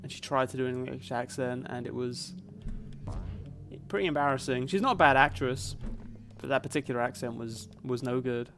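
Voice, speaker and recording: A man's voice: medium pitch, moderate pace, fairly bright tone, faint music behind. A young man from Canada, live streaming a video game and musing aloud in a casual, rambling way. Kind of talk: casual chat while playing a video game.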